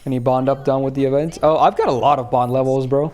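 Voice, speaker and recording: A man's voice: mid-range voice, quick pace. Laid-back young man streamer. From Finland. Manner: relaxed, rambling, laughs often, answers chat. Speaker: game streamer. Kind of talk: casual stream chat.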